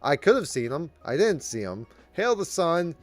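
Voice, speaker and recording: A man's voice: on the high side, very animated, moderate pace, dry recording, faint music behind. A man hosting his own channel, giving casual commentary on the news. He rambles, breaks off mid-sentence and slips in apologetic asides. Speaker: channel host.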